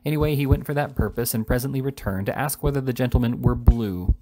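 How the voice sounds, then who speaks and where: A man reading a classic novel aloud with a lively, theatrical delivery. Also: medium pitch, fast talker. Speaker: audiobook reader.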